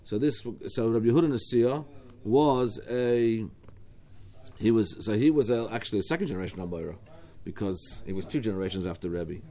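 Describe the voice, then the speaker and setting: A man's voice: on the low side, animated, brisk, dark tone. A man with an Australian accent teaching a Talmud study class, explaining step by step with frequent restarts and asides.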